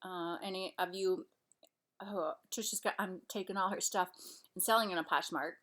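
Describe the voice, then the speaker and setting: A woman's voice: on the low side, steady tone, normal speed, a bit bright. Woman vlogger, chatty and rambling, casual home talk while eating. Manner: chatty, rambling, trailing off and restarting. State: out of breath. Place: her home, kitchen and living room couch.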